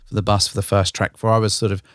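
A man's voice: on the low side, level tone, rapid-fire, a bit bright, dry recording, clean studio sound. Man, rambling casual storyteller. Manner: rambling storyteller, hedges with "sort of". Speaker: podcast co-host. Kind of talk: casual chat.

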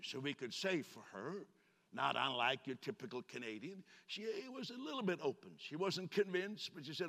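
Male pastor, lively joking sermon, bright tense voice, long reverb of a church sanctuary. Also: a little high, moderate pace. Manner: animated, joking with the congregation.

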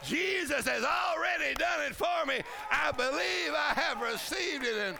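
A man preaching a sermon at a conference, exuberant, often laughing and shouting out. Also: very high voice, a little slow, vocal fry. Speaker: pastor. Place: conference hall. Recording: crowd heard in a hall.

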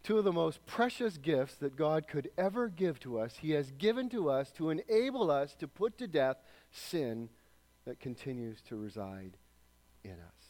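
A man's voice: fairly high pitch, sing-song, normal speed. Give me an earnest male pastor delivering a sermon. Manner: earnest, trailing off softly at phrase ends.

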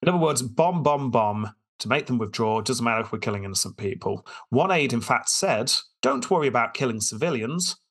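Husky man narrating history. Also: mid-range voice, lively intonation, a little fast, hardly any pauses, a bit bright. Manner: storytelling, quoting sources, dry asides. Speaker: podcast host telling history. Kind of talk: casual history podcast narration.

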